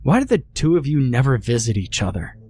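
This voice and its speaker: A man's voice: mid-range voice, sing-song, brisk, darkish tone, slight background noise, lightly acted. A man voicing a pleading young niece. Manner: trembling, pleading, urgent.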